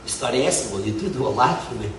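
A middle-aged man heading a yeshiva gives an impassioned speech to a crowd, swinging from loud outbursts to hushed words. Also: medium pitch, expressive, fast talker, recorded from a distance, slight background noise. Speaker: yeshiva head. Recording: echoey hall, mic from afar.

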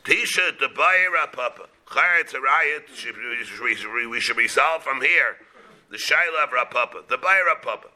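Bright-voiced rabbi giving a Talmud class. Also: male voice, mid-range voice, lively intonation. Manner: halting, repeats words, mixes Hebrew and Aramaic terms into English.

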